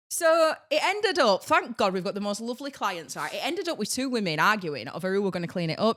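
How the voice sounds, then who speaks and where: A woman, co-hosting a podcast and telling a story in a casual, animated way, laughing through her words. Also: medium pitch, a little fast. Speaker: podcast co-host.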